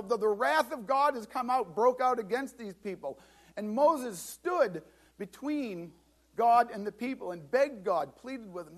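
High-voiced man preaching a sermon. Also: moderate pace. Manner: animated preaching, acts out Bible scenes; repeats words and restarts. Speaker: pastor.

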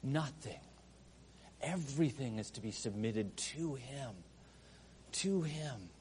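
A middle-aged man preaching a sermon to his congregation, moving between quiet, conversational asides and loud, emphatic proclamation. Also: medium pitch, lively intonation, slow pace, a little hiss or hum. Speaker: pastor.

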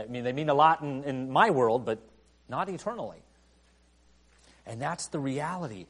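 A man preaching a sermon in a conversational way, full of "you know" fillers, who rises to emphatic outbursts and then drops quiet. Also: medium pitch, moderate pace, long pauses. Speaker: pastor.

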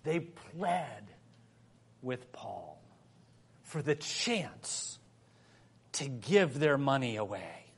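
A male pastor preaching a sermon, telling a humorous personal story and moving between soft prayer and lively emphasis. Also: medium pitch, extremely slow, long pauses, slightly rough.

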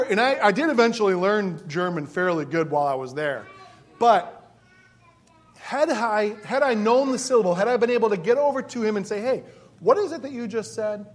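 A man preaching a sermon, telling a personal story with emphasis and asides to the congregation. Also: high-pitched. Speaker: pastor.

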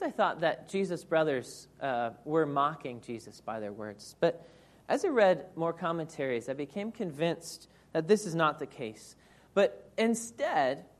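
A woman preacher giving an earnest, reflective sermon that explains scripture verse by verse. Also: low voice.

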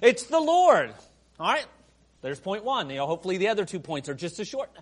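A man preaching a sermon after an opening prayer, moving between soft, hushed lines and loud, emphatic ones. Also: high voice, big pitch swings, fast talker. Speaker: pastor.

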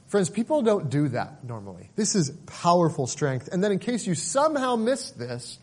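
A man's voice: fairly high pitch, darkish tone. Earnest, emphatic male pastor preaching. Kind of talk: sermon.

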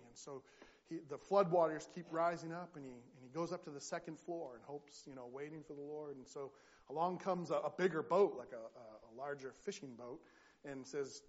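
Halting, earnest pastor with a lo-fi sound. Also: male voice, fairly high pitch. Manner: earnest, halting storyteller with many restarts. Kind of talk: sermon.

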